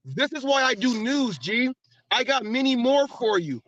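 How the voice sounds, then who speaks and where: A man's voice: extremely high pitch, sing-song, moderate pace, fairly bright tone, no room sound. An American man hosting a live podcast, arguing heatedly with a guest, repeating himself and taunting him. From United States. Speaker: podcast host. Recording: dull lo-fi stream audio.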